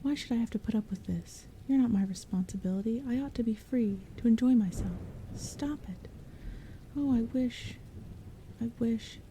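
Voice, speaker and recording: In whispered role-play, a weary, exasperated teenage girl, as a woman puts her on speaks in a soft, hushed voice. It lifts somewhat above the reader's usual pitch and keeps a dark, mellow warmth. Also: moderate pace, a little hiss or hum, lightly acted.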